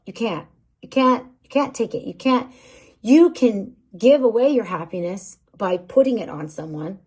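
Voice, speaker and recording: A woman's voice: mid-range voice, darkish tone. A woman talking casually to camera, giving an earnest, repetitive pep talk on relationships and often checking in with "okay?". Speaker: vlogger giving relationship advice.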